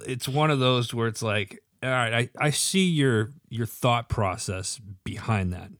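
A man's voice: medium pitch, a little slow, fairly bright tone, no room sound, clean studio sound. A man co-hosting a casual chat, earnest and rambling as he argues his point. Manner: earnest, rambling, pushes back. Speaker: podcast co-host.

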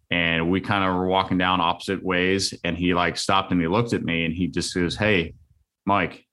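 A man's voice: low voice, fairly bright tone. A man in his thirties telling a personal story in an earnest, reflective way, loose and full of fillers.

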